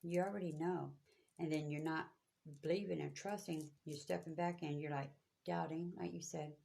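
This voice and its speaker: A woman's voice: sits low, fairly even intonation, moderate pace, gravelly, warm tone. A woman giving spiritual guidance to viewers, talking in a preachy, repetitive, emphatic way. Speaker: spiritual reader.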